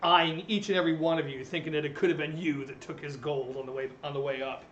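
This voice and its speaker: A man's voice: on the high side, steady tone, fast talker, fairly bright tone, roomy sound, muffled recording. A young man narrating a tabletop game as game master, chatty and self-deprecating.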